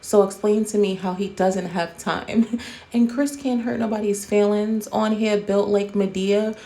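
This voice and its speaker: Blunt, mellow-voiced woman host. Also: mid-range voice, steady tone, a little slow. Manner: blunt, profane, roasting. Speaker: commentary host. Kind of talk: casual commentary.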